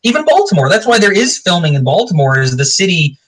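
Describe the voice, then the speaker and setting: Male co-host, bright tone, loose and rambling, quick to laugh. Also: sits high, slightly rough, low-quality recording. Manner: rambling, animated, laughs often. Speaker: podcast co-host. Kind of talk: casual chat.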